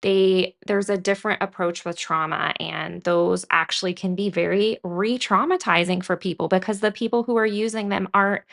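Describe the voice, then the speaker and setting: A woman's voice: mid-range voice, steady tone, normal speed, creaky, few pauses, a bit bright. A woman co-hosting a podcast, talking earnestly and at length in casual conversation, with many "like"s. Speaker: podcast co-host.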